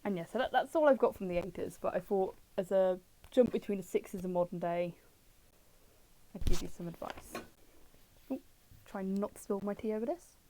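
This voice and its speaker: A woman's voice: mid-range voice, moderate pace, pauses often, warm tone, slight background noise, low-quality recording. A British woman streaming from home, chatting casually as she looks through old books and answers her chat with jokes.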